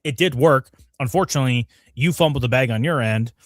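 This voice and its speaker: A man in a casual review livestream, sarcastic and slangy, recorded on a close, dry mic. He talks at an ordinary middle pitch and mocks characters by quoting them in put-on voices. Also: brisk, no room sound. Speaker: podcast co-host.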